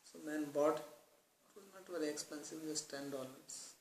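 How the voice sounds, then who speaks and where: A man giving a scripture talk, explaining terms slowly and then telling joking stories. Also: fairly high pitch, steady tone, creaky, a little mellow, a little hiss or hum. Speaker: spiritual teacher. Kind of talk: scripture discourse with humorous stories. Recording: echoey room.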